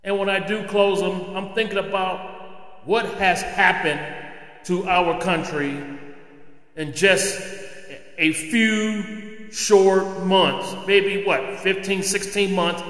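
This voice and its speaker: A man's voice: sits high, slow pace, long pauses, fairly bright tone. A man hosting a solo opinion podcast, ranting indignantly and firing off rhetorical questions. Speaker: podcast host. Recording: echoey room with long reverb.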